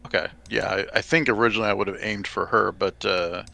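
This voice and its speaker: A man's voice: lowish voice, fairly even intonation, fast, creaky, sharp tone. A man playing a tabletop western game, talking hesitantly with many fillers as he decides his moves. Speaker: player. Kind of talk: tabletop game play, casual.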